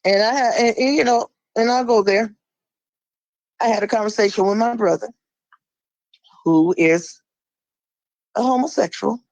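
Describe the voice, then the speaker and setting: Forceful preachy woman on a dry mic. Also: a little high, measured pace, pauses often, dry recording, highs cut off. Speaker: caller. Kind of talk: impassioned monologue.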